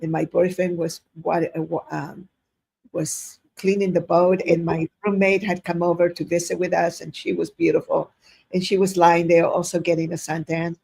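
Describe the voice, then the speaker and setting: Older woman guest with a gravelly, husky voice who tells animated stories and acts out dialogue. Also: lowish voice, moderate pace. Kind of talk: casual storytelling interview.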